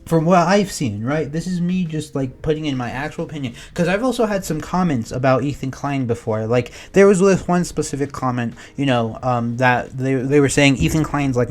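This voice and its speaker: A young man delivering a ranting reaction commentary for an online audience. He swears constantly and jumps from low mumbled asides to loud, exasperated yelling. His voice sits at an everyday middle pitch.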